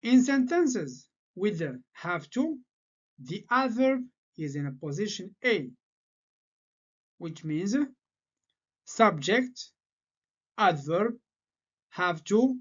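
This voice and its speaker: A man whose first language is French, teaching an English grammar lesson and laying out word-order patterns slowly and deliberately. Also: sits high, big pitch swings. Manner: slow, deliberate explaining with repeated patterns. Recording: slightly dull lo-fi sound.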